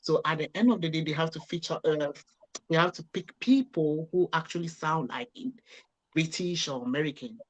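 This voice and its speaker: This Ghanaian-accented man is a guest in a casual talk. His voice sits somewhat high. He speaks haltingly, restarting his sentences often. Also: poor audio. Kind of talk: casual discussion.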